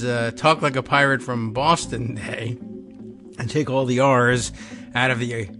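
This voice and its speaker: Rambling male morning-show host. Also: medium pitch. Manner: rambling, full of uhs and musing asides. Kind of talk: casual morning talk show monologue.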